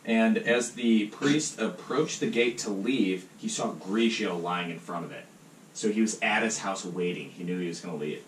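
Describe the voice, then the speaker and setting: A man's voice: low-pitched, moderate pace. A man co-hosting a podcast, retelling a story in a rambling, casual way full of fillers. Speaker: podcast co-host. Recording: roomy, distant mic, faint noise.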